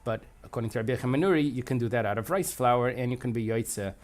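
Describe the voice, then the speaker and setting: A man's voice: mid-range voice, quick pace. A man teaching a Talmud passage, reading Aramaic phrases aloud and translating them as he thinks aloud. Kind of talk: explanatory lesson.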